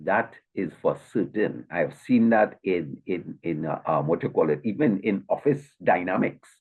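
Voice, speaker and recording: Low, husky man on a tinny line. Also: expressive, unhurried. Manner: affirming, chimes in with short agreements. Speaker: co-host in a faith talk show. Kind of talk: casual agreeing conversation. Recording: tinny phone-like sound.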